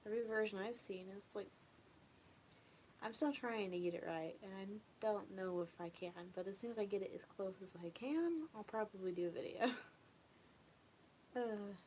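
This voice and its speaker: A young woman talks softly and casually, rambling a little and often dropping into a near whisper. Her voice sits at an ordinary pitch for a woman. A faint hiss of background noise stays under her voice. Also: moderate pace. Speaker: ASMR streamer chatting with viewers. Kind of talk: casual soft-spoken chat.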